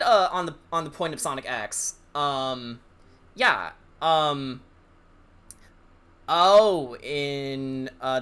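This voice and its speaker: A man's voice: fairly high pitch, sharp tone, smooth. A man chatting casually on a live stream, rambling and hesitant with many fillers. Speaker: livestreaming artist.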